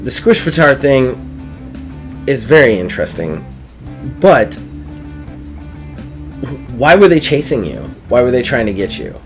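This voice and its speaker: A man voicing his own tabletop character, a flustered math teacher who argues loudly. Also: mid-range voice, big pitch swings, measured pace, long pauses, soft background music. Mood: firm. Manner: exasperated, yelling back.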